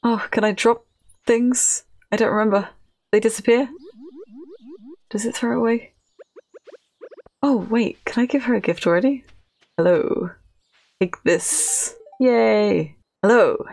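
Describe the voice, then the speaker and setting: A woman's voice: medium pitch, takes it slowly, vocal fry, long pauses, a little mellow. Giggly young woman chatting through a game. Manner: chatty, giggly, talks to characters. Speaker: gaming channel host. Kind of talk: casual let's play commentary. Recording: faint music behind.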